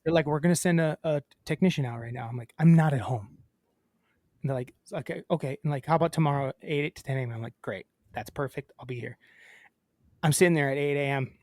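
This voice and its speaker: A man's voice: fairly high pitch, fast, a little mellow, dry recording, clean studio sound. A man co-hosting a podcast, chatting casually and acting out a phone call as he tells a story. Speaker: podcast co-host. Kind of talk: casual chat.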